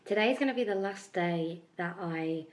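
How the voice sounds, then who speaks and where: A woman's voice: fairly low pitch, moderate pace. A young woman from the UK chatting casually in a vlog about musical rehearsals, bubbly and filled with "like", sounding a little bunged up and tired. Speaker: vlogger, musical theatre performer.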